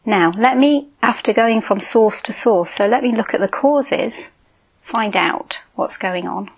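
A woman reading the lines of a wise male lion in a fable, slow and measured, gentle but firm. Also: on the high side, husky. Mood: calm.

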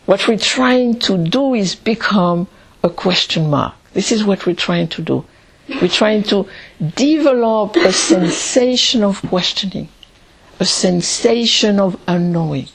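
Woman giving a zen meditation talk, slow and calm, lots of pauses, middle pitch. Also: creaky, slight background noise.

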